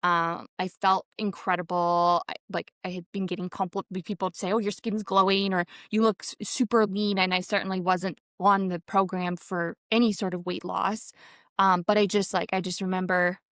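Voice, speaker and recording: A woman's voice: lowish voice, flat delivery, moderate pace, a bit bright, no room sound, clean studio sound. A woman guest telling her story in a rambling conversational way, full of fillers, and acting out what people said. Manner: rambling, many fillers, acts out quotes. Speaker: podcast guest. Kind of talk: conversational interview.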